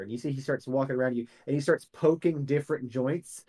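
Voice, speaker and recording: A woman narrating as game master of a tabletop game, animated and often laughing. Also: very deep voice, a little fast.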